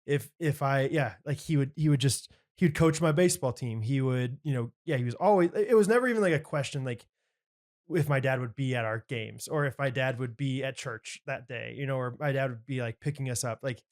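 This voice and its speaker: With a medium-pitched, slightly mellow voice and a fairly quick pace, this young podcast co-host earnestly rambles through a story. The chat is casual and full of filler words.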